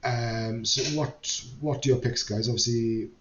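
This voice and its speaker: A man's voice: mid-range voice, flat delivery, unhurried, crowd noise. A man hosting a casual podcast chat, hesitant, with many fillers and restarts. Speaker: podcast host. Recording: roomy, dull lo-fi audio with faint noise.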